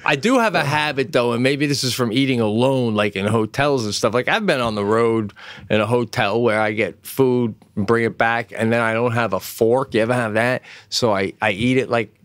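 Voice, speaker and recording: A man co-hosting a podcast in casual chat, animated, swearing freely and laughing often. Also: medium pitch, moderate pace, no room sound, clean studio sound. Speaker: podcast co-host.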